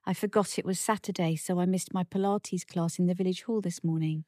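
An older woman co-hosting a casual home podcast with her husband, teasing him in a brisk, wry way. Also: on the low side, steady tone, dark tone, no echo, studio quality. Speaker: podcast co-host. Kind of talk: casual chat.

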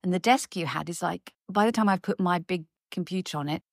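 A middle-aged woman chats casually with her husband, her teasing dry and matter-of-fact. Her voice sits on the low side, recorded close and dry. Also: fairly quick, vocal fry, no room sound. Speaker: co-host, wife. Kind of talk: casual chat.

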